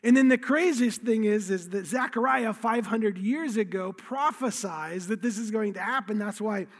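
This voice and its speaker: A man's voice: high voice, normal speed. A man preaching a sermon, telling the story with emphasis and repeating key phrases. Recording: long hall reverb.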